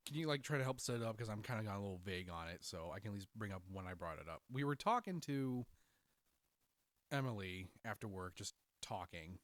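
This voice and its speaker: A man co-hosting a podcast in casual chat, telling stories in an animated way and laughing often. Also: fairly low pitch, dry recording. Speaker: podcast co-host.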